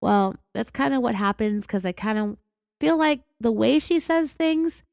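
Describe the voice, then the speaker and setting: A woman with a California accent hosting a true crime podcast, raspy from being sick, telling the story in an indignant, sarcastic way. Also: a little high, animated, measured pace, a little mellow, no echo, studio quality. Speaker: podcast host.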